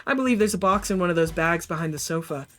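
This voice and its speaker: A woman voicing a poised, friendly female fire performer, talking gently and chattily while doing her makeup. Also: on the low side, animated, quick pace, soft background music, close to an everyday voice.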